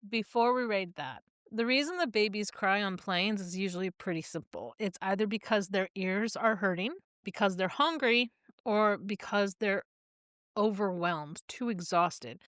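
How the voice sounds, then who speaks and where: A woman's voice: medium pitch, normal speed, fairly bright tone, clean tone, no room sound, clean studio sound. A woman explaining plainly and practically why babies cry on planes and how to help. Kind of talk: giving travel advice.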